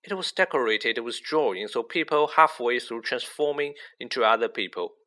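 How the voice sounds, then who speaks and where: A man reading a children's novel aloud as narrator, with lively expression. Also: medium pitch, normal speed. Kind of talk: audiobook reading.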